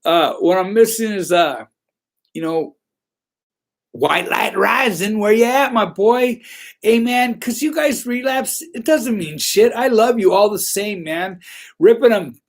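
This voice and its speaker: A man's voice: high voice, unhurried. A man hosting a casual livestream, telling rambling, profane stories with a laugh now and then. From Southern California. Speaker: livestream host.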